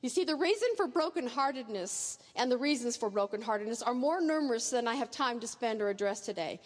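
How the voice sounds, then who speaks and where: A woman's voice: fairly high pitch, animated, a little fast. A woman preaching a sermon, earnest, painting vivid pictures and speaking straight to her listeners. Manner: earnest, vivid second-person imagery. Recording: echoey hall reverb.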